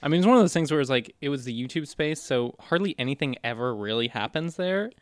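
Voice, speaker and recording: Male podcast guest, deadpan self-mocking humor, dry close-miked sound. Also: a little high, quick pace, clear, resonant tone, dry recording. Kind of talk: casual chat.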